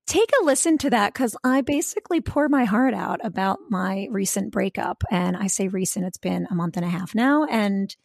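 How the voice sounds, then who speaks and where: A woman's voice: medium pitch, animated, normal speed, gravelly, few pauses, no room sound, clean studio sound. A woman co-hosting a podcast in casual, rambling chat, full of fillers and restarts. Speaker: podcast co-host.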